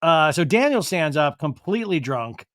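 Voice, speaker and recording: Man, podcast host, slightly high voice, chatty, animated, mimics cast members, dry close mic. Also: normal speed, no echo. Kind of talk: casual recap podcast.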